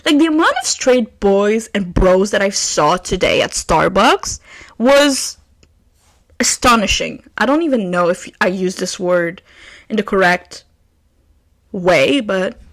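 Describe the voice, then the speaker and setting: A young woman, hosting her own podcast and telling a story in casual chat, swinging from loud outbursts to hushed asides. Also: fairly high pitch. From Quebec, Canada. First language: French. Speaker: podcast host.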